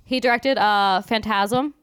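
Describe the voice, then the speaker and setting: A woman hosts a horror movie podcast in loose, joking chat and laughs often. Her voice is smooth and clear, recorded close on a dry mic with no room sound. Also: mid-range voice, measured pace, fairly bright tone, dry recording. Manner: joking, laughs often, stumbles over names. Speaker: podcast host. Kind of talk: casual chat.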